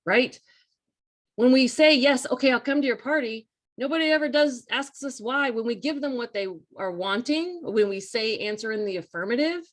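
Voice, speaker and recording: A woman hosting a live coaching talk, speaking in a casual, earnest and emphatic way that repeats key points and speaks straight to her listeners. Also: fairly high pitch. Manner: earnest, emphatic and repetitive, addresses listeners directly.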